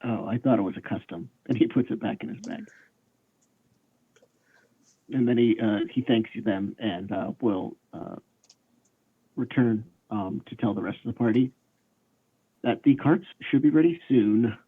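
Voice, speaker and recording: A man's voice: mid-range voice, unhurried, pauses often, slightly rough. A hesitant, stammering man takes his turn in a tabletop game. His voice comes through a thin, phone-like line. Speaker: player.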